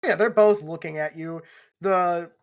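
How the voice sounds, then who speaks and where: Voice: mid-range voice, measured pace, clear, resonant tone. A game master narrating a tabletop game in a rambling, laid-back way with lots of fillers. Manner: rambling, filler-heavy, laughs often.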